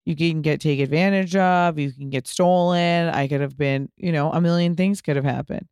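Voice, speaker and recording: Smooth-voiced woman telling stories animatedly. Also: low-pitched, normal speed, no room sound, clean studio sound. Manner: animated storyteller, swears casually. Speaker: podcast host. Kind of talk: casual chat.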